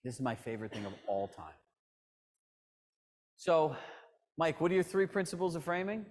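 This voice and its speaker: Live workshop coach, male, fairly high voice, animated storyteller acting out quotes. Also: moderate pace. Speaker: real estate coach. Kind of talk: workshop teaching.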